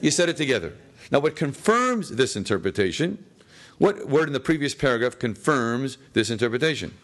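A man's voice: mid-range voice, big pitch swings, a little fast. A man teaching a class through a text, constantly posing questions to the room and answering them himself, with jokey asides. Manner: jokey, chuckles at his own lines. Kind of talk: classroom text study lecture. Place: classroom with students.

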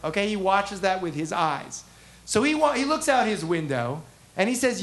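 High, gravelly man teaching a text class. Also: normal speed. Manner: animated, asks the class questions, acts out the prophets' voices. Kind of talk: interactive text lesson.

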